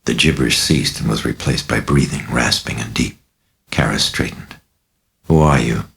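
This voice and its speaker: A man narrates his own horror novel with a deliberate, dramatic delivery. His voice is extremely deep and full of gravelly fry. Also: bright, forceful tone. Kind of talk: audiobook narration.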